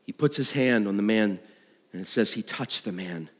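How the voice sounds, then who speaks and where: A middle-aged man preaching a sermon, swinging between loud and hushed. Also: fairly low pitch, normal speed. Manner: animated, dramatic shifts between loud and hushed. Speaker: pastor. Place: church sanctuary. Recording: long reverb of a large hall.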